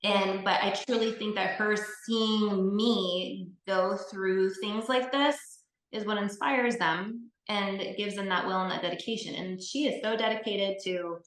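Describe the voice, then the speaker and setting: A woman's voice: medium pitch, fairly even intonation, a little slow. A woman speaking as an interview guest and bodybuilding competitor. She tells her story in a casual, earnest and heartfelt way, with many fillers. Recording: echoey room.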